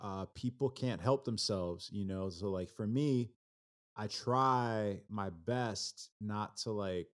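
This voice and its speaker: A man who is a rapper talks as a guest on a casual podcast. He speaks in a relaxed way and often hesitates and starts his sentences over. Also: fairly low pitch, slow pace. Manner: relaxed, hesitant, many fillers and restarts.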